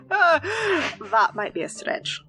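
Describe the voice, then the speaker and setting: A woman's voice: sits high, very animated, extremely slow, bright, forceful tone, faint music behind, poor audio. Giggly rambling woman gamer. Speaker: tabletop game player. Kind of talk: casual in-character play.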